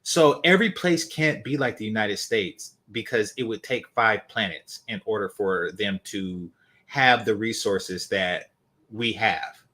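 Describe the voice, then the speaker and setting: A man's voice: lowish voice, measured pace, sharp tone. A man hosting a dating commentary channel, talking casually with blunt, dismissive swearing.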